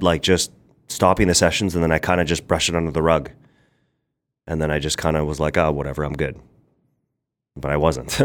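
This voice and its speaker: This young man has a deep, clean-toned voice and appears as a podcast guest who founded a brand. In a casual interview, he rambles through stories in quick bursts and quotes people in animated voices.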